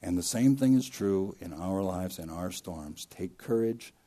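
A man preaching a sermon as pastor, swinging between loud emphatic bursts and hushed drops, and repeating key phrases for weight. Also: deep voice, animated, unhurried.

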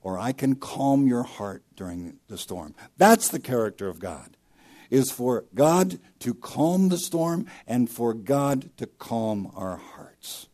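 A male pastor preaching with a low, warm voice. He rises to loud, emphatic peaks, then sinks to near-whispered lines, and circles back to repeat his key points. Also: expressive, a little slow. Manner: preaching with swings from loud emphasis to hushed drops. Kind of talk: sermon.

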